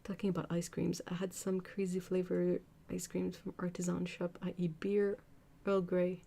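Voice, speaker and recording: A British-born woman hosts a relaxed art livestream, reading out viewer comments and chatting back with frequent laughter. Her voice sits a little low and has a soft, mellow warmth rather than any brightness. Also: moderate pace, creaky, breathy edge. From United Kingdom. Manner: chatty, laughs often, reads comments aloud.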